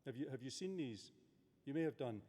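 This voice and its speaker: A middle-aged man presiding over a graduation ceremony, giving a formal speech with measured, hesitant delivery and many filler words, in a large abbey hall. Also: medium pitch, expressive, dark tone. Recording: long reverb of a large hall.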